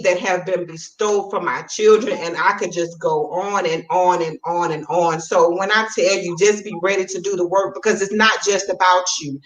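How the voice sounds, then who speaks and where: A woman's voice: lowish voice, fairly even intonation, normal speed, hardly any pauses. A woman co-host talking emphatically and a bit preachy in a casual chat, a mother. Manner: emphatic, preachy, says "absolutely" often. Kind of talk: casual chat on a video call. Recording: echoey room, far from mic.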